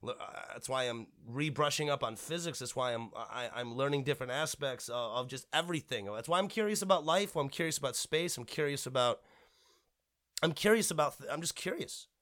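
A man's voice: medium pitch, expressive, a little fast, a bit bright. A young man ranting bluntly and profanely in a podcast monologue, rambling and restarting his sentences.

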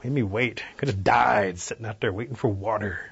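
A man voicing a small, sly trickster rabbit in a lifted, excitable voice, in a dull radio recording. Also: a little fast, gravelly, husky, heavily acted. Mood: excited. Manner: lively, excitable, higher voice.

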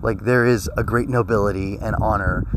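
A man's voice: fairly low pitch, steady tone, a little fast, background noise. A young man with a sore throat giving a casual spoken review of an anime episode, rambling earnestly with many fillers and restarts. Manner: earnest and emotional.

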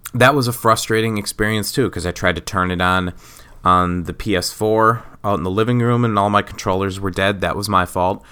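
Bright clear-voiced man ranting profanely. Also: lowish voice. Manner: sarcastic, profane, rambling. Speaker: podcast host. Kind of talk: casual solo rant.

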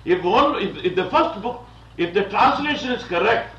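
A man from India, visiting as a Bible teacher, preaches in a digressive, lecturing way, with regular chuckles and "you see." His high-pitched voice is expressive, pushed, and bright, at a moderate pace. The aged recording is dull, distant, and roomy.

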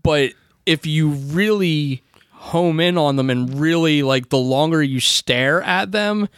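A man in a casual film discussion, speaking in a thoughtful, measured way. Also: a little high, a bit bright, clear, resonant tone, no room sound, clean studio sound.

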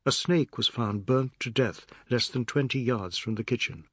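A man narrating a novel in a measured, steady storytelling manner. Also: medium pitch, slightly rough, no echo, studio quality. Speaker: audiobook narrator. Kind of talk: scripted narration.

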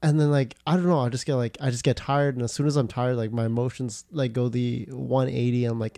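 A man's voice: mid-range voice, fairly even intonation, fairly quick, few pauses, dark tone, no room sound, studio quality. A young man co-hosting a podcast, rambling in casual chat with lots of fillers and restarts. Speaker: podcast co-host.

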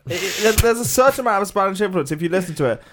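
A man's voice: high-pitched, expressive, rapid-fire, background noise. A young man co-hosting a casual podcast, hesitant and full of ums and restarts. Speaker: podcast co-host. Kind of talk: casual chat.

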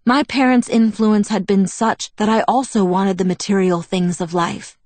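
A woman's voice: medium pitch, steady tone, normal speed, darkish tone, no echo, lightly acted. A woman voicing a proud, bitter young woman vampire who tells her past in a wistful, self-mocking way, in an audiobook. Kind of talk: audiobook character reading.

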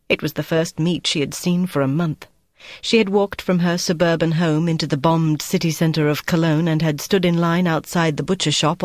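An audiobook narrator reading a novel in an even, measured storytelling manner. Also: medium pitch, no room sound, studio quality. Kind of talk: scripted narration.

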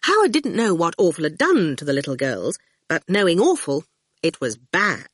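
A woman narrating an audiobook in an expressive storytelling manner, close to the mic. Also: deep voice, normal speed, slightly rough, no echo.

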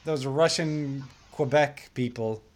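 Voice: medium pitch, takes it slowly, a little mellow. A podcast co-host chatting casually about an old film, laughing often and making sarcastic asides. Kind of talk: casual film review chat.

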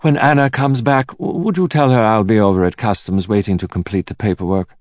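A man voicing a brisk, efficient woman who is anxious to please, pitched well above his own voice. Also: darkish tone, no room sound, lo-fi sound, lightly acted. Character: brisk efficient woman handling airport transfers.

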